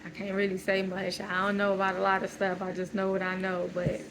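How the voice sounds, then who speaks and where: A woman's voice: medium pitch, monotone, a little fast, noisy background. A woman talking through a loose, searching personal monologue, full of fillers and restarts. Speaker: channel host.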